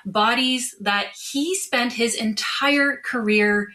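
Bright, emphatic woman giving an interview. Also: a little high, slow. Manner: emphatic, opinionated, with restarts. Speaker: guest, marketing strategist.

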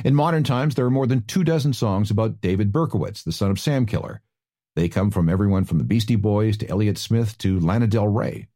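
A man's voice: fairly low pitch, a little fast, mellow. A man hosting a radio talk segment, telling stories with wry asides. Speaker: radio host.

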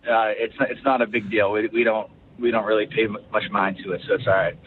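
Radio guest, man, 30s, from Ohio; relaxed, rambly delivery, tinny phone-quality sound. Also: lowish voice, fast, slight background noise. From Ohio, USA. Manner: relaxed, rambling with many fillers and restarts. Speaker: guest, pro football quarterback. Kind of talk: casual interview chat.

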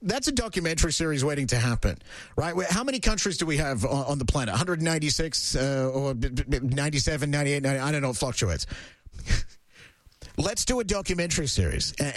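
A radio host with an Australian accent rambles through jokes in a casual studio chat. His voice sits a little high for a man. The room is dry and close. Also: fast talker, no room sound. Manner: joking, rambling, animated storytelling.

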